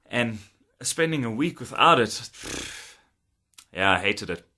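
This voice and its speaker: A chatty man in his thirties tells stories from his work as a guitar technician, laughing often and acting out old conversations. His voice is bright and forceful, with an easy, casual delivery to the camera. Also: mid-range voice, expressive, slow, slight background noise.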